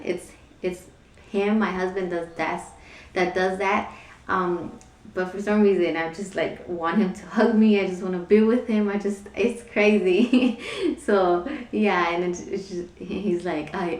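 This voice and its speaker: A young woman with a slightly low voice talks through a casual home vlog, rambling and filling pauses as she goes. She sits back from the camera mic, so her voice sounds distant and the room rings around her. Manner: rambling, many fillers, frequent laughs. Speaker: vlogger. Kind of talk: casual pregnancy vlog chat. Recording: echoey room, somewhat far from mic.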